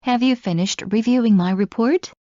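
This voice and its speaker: Woman, slightly high, mellow voice, steady lesson-style phrase reading, muffled lo-fi audio. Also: dry recording. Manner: clear, measured, evenly paced reading. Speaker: English phrase reader. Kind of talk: slow read-aloud phrase drills. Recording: dull lo-fi recording.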